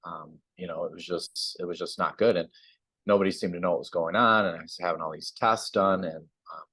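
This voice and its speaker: Low, quick, and husky, this man's voice comes through with no room sound. He's a chiropractor guesting on a sponsored television spot, talking informally and performing the quotes of the people in his story with lively flair.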